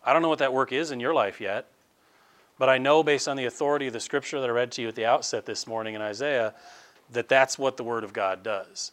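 A middle-aged man, a pastor, preaching an impassioned sermon that swings from loud emphatic outbursts to quiet asides. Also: mid-range voice, fast. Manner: closes in prayer.

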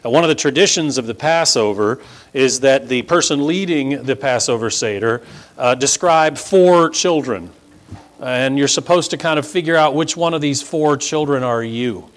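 A man's voice: medium pitch, moderate pace. A man pastor preaching a sermon to his congregation from the pulpit, emphatic and piling up words in rhetorical lists. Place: church sanctuary before a congregation.

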